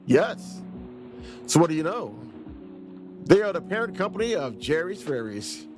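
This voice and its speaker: A man's voice: fairly high pitch, sing-song, measured pace. A man casually reviewing an indie game and reading its dialogue aloud in a playful way. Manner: playful, reads game dialogue in silly voices. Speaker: let's play reviewer. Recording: game music playing behind voice.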